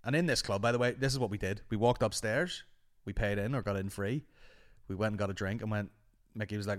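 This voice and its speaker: A young man with a slightly low voice hosts his podcast. He tells a rambling anecdote in a casual, lively, profane way. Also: fast talker. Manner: animated, sweary anecdote-telling. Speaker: podcast host. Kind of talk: casual storytelling monologue.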